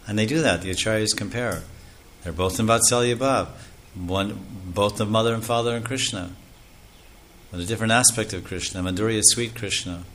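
A man delivers a devotional sermon in a fairly low voice, explaining step by step. He works through lists and Sanskrit terms. Faint background noise sits under his speech. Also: a little fast, fairly bright tone. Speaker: preacher.

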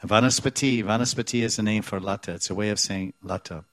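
A man's voice: lowish voice, steady tone, fast, a bit bright, no room sound. A man giving a devotional scripture class who repeats words and chants verses, then explains them. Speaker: spiritual teacher.

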